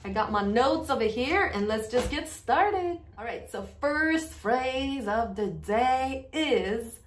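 A woman teaching a casual language lesson, bubbly and repeating phrases slowly for learners, filmed at home while sitting on the floor in a small nook. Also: a little high, lively intonation, echoey room.

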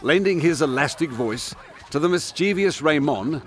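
A male reporter, narrating a TV segment and asking questions in a measured, steady way. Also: a little high. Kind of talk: TV interview and scripted narration.

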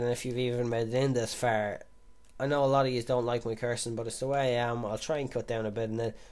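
A young man, a gaming YouTuber, gives casual live commentary over a football video game in a mid-range voice. He's chatty, swears constantly, and breaks into sudden loud, excited shouts.

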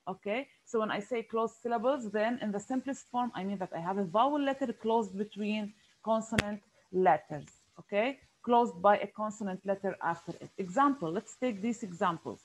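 A woman's voice: mid-range voice, moderate pace, a little hiss or hum, rough recording. A woman teaching an online phonics lesson, patiently repeating key words with frequent fillers.

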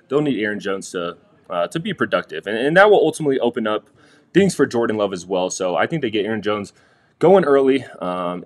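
A young man hosting a casual sports betting picks vlog from a quiet room in a busy house, chatty and talking straight to viewers. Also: fairly low pitch. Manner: chatty, restarts sentences, addresses viewers directly.

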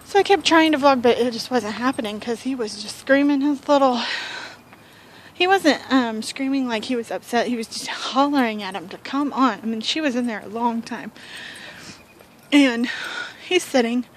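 A woman's voice: on the high side, normal speed, a little hiss or hum. A woman vlogging on her porch, telling a story in a chatty, rambling way with fillers and sighs. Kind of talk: casual storytelling vlog. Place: home porch, outdoors.

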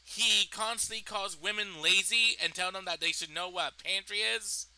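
A man's voice: high voice, normal speed, bright, forceful tone, faint music behind, low-quality recording. A young man in a vlog, indignantly retelling a personal story and swearing freely. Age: young adult. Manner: indignant, profane retelling of events. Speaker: vlogger.

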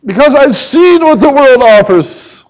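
A middle-aged man preaching in a church sanctuary with a notably high voice. He is emotional, close to tears, and his delivery swings from hushed and low to loud and pleading. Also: animated, unhurried, rough recording. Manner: impassioned, swinging from soft and low to loud and urgent. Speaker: pastor. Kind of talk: sermon.

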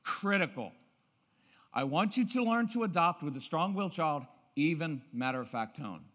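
A man giving a lively talk on parenting, often acting out parents' voices and checking with the audience. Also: a little high, moderate pace. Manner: lively, acts out parents' voices, keeps asking "right?". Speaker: parenting speaker. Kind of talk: animated seminar talk. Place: church auditorium. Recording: long reverb of a large hall.

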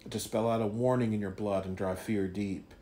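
A man voicing a calm, mysterious hooded stranger with a measured, knowing, faintly wry delivery. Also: on the low side, a little hiss or hum, natural voice. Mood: ominous.

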